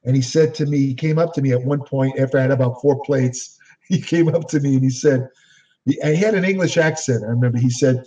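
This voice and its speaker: Older man, rambling anecdotes, mellow tone, distant lo-fi mic. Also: medium pitch, fairly quick. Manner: rambling, self-correcting storyteller. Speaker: interview guest. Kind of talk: anecdotal storytelling. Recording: distant, dull lo-fi audio.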